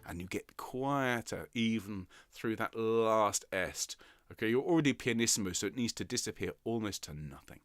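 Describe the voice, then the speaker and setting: A man leading a choir rehearsal, counting in, giving gentle praise and singing short lines high and soft. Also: expressive, moderate pace, no echo. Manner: encouraging, counts in and sings demonstrations in falsetto. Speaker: choir director. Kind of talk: online rehearsal teaching. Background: piano.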